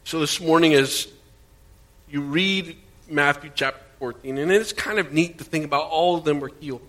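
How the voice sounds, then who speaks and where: A middle-aged man from Indiana preaching a sermon, reading psalms aloud in an earnest way that swings between quiet and loud. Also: fairly high pitch, moderate pace. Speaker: pastor. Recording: faint mains hum. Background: faint mains hum.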